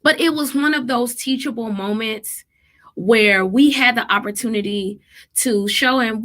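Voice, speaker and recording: A woman's voice: on the high side, measured pace. A woman in her thirties, a therapist and mother, telling parenting stories in a casual, emphatic vlog style. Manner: animated, emphatic, quotes people in lively voices.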